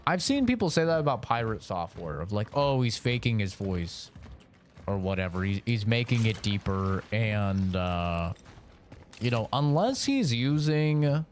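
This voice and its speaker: A man's voice: fairly low pitch, big pitch swings, unhurried, slight background noise. Guy streamer rambling casually while gaming, lots of likes, voice all over the place. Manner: rambling, casual, filler-heavy. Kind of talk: live-stream gaming commentary.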